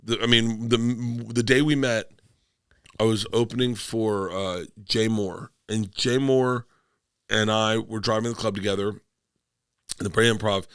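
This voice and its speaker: A man's voice: fairly low pitch, steady tone, a little slow, smooth, dry recording, clean studio sound. A middle-aged man from Florida, a comedian guest telling rambling stories in casual podcast chat and acting out quotes in bursts.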